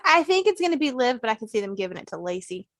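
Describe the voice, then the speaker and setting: A woman's voice: a little high, sing-song, quick pace, a bit bright, no echo, studio quality. A woman co-hosting a casual wrestling podcast, laid-back and mostly chiming in with short replies. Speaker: podcast co-host.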